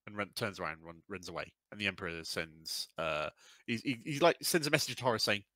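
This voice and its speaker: A man's voice: low voice, fairly quick, sharp tone, dry recording. A man co-hosting a casual podcast, telling a sweary, rambling story. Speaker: podcast co-host. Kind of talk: casual lore chat.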